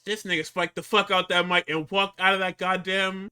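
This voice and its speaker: Co-host, male, high and very bright voice, animated and profane storyteller. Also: normal speed, clean tone. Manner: animated, profane storytelling, acting out quotes, frequent laughter. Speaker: podcast co-host recapping wrestling. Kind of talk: casual chat.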